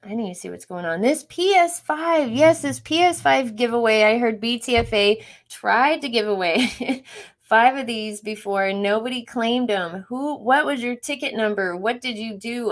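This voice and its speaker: A woman's voice: fairly high pitch, moderate pace. A woman hosting a casual livestream from home, chatting, greeting viewers by name and laughing often. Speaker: livestream host.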